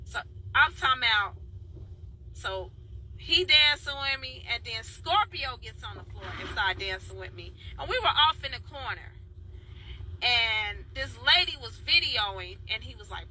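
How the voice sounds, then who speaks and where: A woman's voice: on the high side, lively intonation, moderate pace, pushed and bright, a little hiss or hum, low-quality recording. A woman from Chicago talking in a heartfelt, rambling way, calling out to her viewers by name. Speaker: dance video blogger. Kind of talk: casual spoken vlog.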